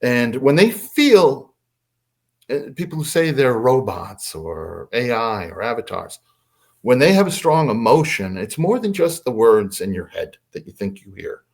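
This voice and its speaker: A man who is a podcast guest, telling a story in a casual, animated way and acting out the voices in it. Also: mid-range voice, a little slow, gravelly.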